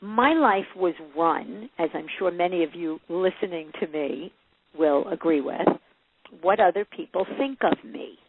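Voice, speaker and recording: Over phone-line audio, a woman with a fairly low, unhurried voice chats casually with an interviewer about her work as a parenting coach. Full of laughter, she tells her stories with flair, voicing each character she quotes.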